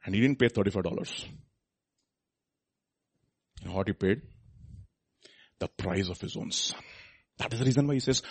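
A man preaching a sermon, asking the congregation questions and moving between loud emphatic peaks and hushed storytelling. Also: fairly low pitch, moderate pace, pauses often, husky, no echo.

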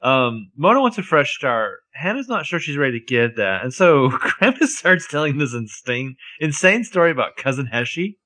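A man co-hosting a recap podcast, walking through the plot with sarcastic jabs. His pitch moves a lot, giving the talk a lively, sing-song lift. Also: normal speed, hardly any pauses. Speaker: podcast co-host. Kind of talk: casual recap chat.

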